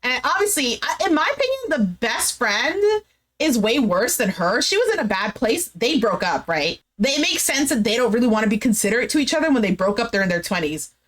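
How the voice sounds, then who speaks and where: Chatty opinionated woman, slightly high voice. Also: big pitch swings, a little fast, a bit bright. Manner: chatty and opinionated, heavy slang, frequent "like" fillers. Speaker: recap vlogger. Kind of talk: casual reality-show recap commentary.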